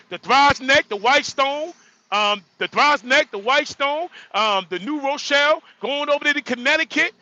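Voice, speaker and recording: High bright joking trucker man. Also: lo-fi sound. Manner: joking, repetitive, frequent laughter. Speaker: livestream host; truck driver. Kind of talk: casual livestream talk.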